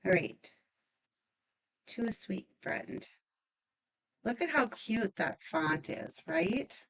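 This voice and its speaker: A woman's voice: on the high side, big pitch swings, slow pace, a bit bright, poor audio. A woman demonstrating a stamping craft project, chatty and upbeat, thinking aloud as she works.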